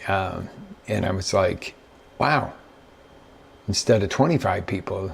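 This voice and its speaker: A man's voice: low-pitched, creaky, breathy edge. A middle-aged man hosting a show as a business coach, telling stories in a casual motivational talk and acting out the quotes. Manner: conversational storyteller who acts out quotes.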